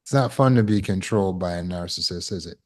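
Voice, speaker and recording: A man's voice: low-pitched, quick pace, a little mellow. A man giving a spoken lesson to an online audience. As a healing course teacher, he asks rhetorical questions and repeats words while he thinks.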